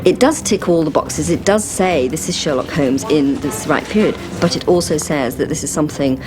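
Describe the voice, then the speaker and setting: A woman's voice: low voice, normal speed, over music. A woman talking about a film in an interview in an enthusiastic, chatty way.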